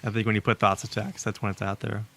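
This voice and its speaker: Fast-talking low-voiced man. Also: flat delivery, bright, forceful tone, dry recording. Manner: quick wisecracking interjections. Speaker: podcast co-host. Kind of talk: casual chat.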